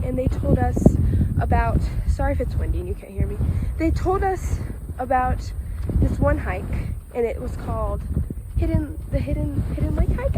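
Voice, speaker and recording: A woman chatting casually to her camera while hiking outdoors, rambling and restarting her sentences. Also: sits high. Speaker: family vlogger. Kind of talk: casual outdoor vlog narration. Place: outdoors on a windy hiking trail. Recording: faint wind noise outdoors.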